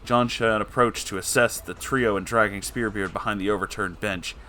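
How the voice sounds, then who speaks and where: A man's voice: fairly low pitch, steady tone, normal speed, bright, forceful tone, a little hiss or hum. A man reading a storybook tale aloud in a theatrical narrating manner. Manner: theatrical, switches into voices for characters. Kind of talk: dramatic storybook reading with character voices.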